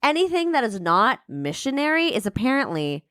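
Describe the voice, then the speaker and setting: Lively playful woman podcast host. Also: medium pitch, moderate pace, no room sound, clean studio sound. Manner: playful and crude, swears freely. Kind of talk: casual podcast chat.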